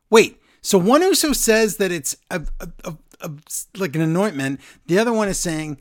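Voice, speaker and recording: Animated sarcastic man recapping wrestling. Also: sits high, normal speed, few pauses. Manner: animated, sarcastic, reads from notes. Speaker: podcast host recapping wrestling. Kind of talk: casual chat.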